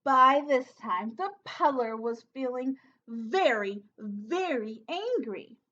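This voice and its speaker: A woman teacher reading a picture book aloud to children, pausing to ask them questions and prompt them to act along. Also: a little high, expressive, bright, forceful tone, lo-fi sound. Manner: interactive, asks children questions. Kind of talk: storybook read-aloud for children.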